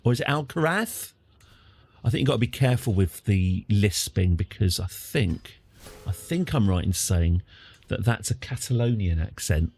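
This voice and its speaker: A man's voice: fairly low pitch, normal speed, vocal fry, a little mellow, husky. A man streaming a strategy game live, chatting with jokey asides.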